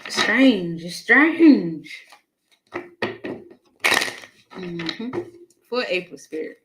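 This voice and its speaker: A chatty woman with a lowish voice hosts a casual live tarot reading at a measured pace, laughing often and addressing viewers by name. The recording is very noisy.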